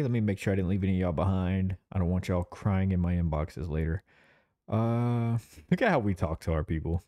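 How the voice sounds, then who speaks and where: Animated laid-back male podcast host. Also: low voice, moderate pace. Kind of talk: casual chat.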